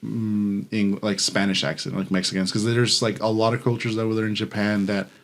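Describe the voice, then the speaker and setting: A man's voice: lowish voice, flat delivery, brisk, background noise. A man co-hosting a podcast in casual chat, rambling with lots of fillers and swearing. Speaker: podcast co-host.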